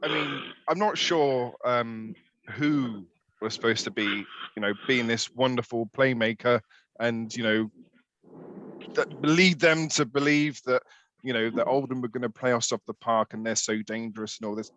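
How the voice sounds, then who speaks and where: A man's voice: medium pitch, normal speed, fairly bright tone, a little hiss or hum, rough recording. A man co-hosting a casual fan podcast, rambling with many fillers and the odd swear word. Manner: rambling, swears, laughs a lot. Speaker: podcast co-host.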